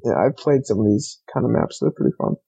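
A man's voice: medium pitch, animated, fairly quick, creaky, warm tone, husky, soft background music, rough recording. A man co-hosting a casual gaming podcast, teasing the others and reading listener mail. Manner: teasing, giggly. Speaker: podcast co-host.

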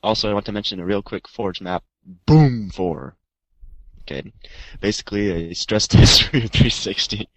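A man's voice: on the low side, fairly even intonation, brisk, few pauses, fairly bright tone, no echo, rough recording. A man co-hosting a gaming podcast, chatting casually and laughing. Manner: reads listener mail, jokes around. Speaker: podcast co-host. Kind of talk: casual chat.

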